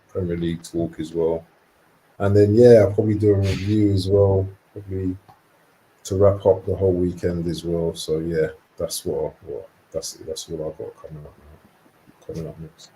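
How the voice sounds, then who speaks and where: A man's voice: low voice, level tone, moderate pace, warm tone, slight background noise, rough recording. A man, co-hosting a laid-back casual chat. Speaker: co-host.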